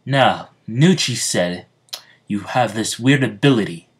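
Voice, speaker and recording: A man voicing a boastful German male cyborg soldier, declaring things loudly and proudly. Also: on the low side, lively intonation, slow pace, slightly rough, exaggerated voice.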